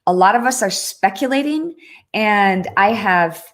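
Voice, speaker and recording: A woman's voice: mid-range voice, expressive, unhurried. A woman hosting a casual livestream, chatting earnestly and reading out viewer comments, often breaking off and restarting. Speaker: livestream host.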